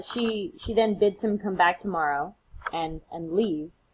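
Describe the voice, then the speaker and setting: A woman's voice: mid-range voice, rough recording. Casual woman lecturing on a play. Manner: casual, retells scenes with playful acted quotes. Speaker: literature lecturer. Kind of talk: recorded lecture.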